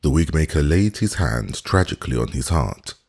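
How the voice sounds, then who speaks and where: A man narrating a classic novel as an audiobook reader, in measured, expressive storytelling. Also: extremely low pitch, slightly rough.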